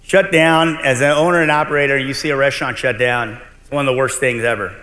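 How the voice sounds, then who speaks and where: Forceful and bright, a middle-aged man's medium-pitched voice holds a steady tone at a quick pace as he gives a conference keynote as a restaurant owner. He's blunt and animated, swearing a bit, and his words echo with the long reverb of a large convention hall.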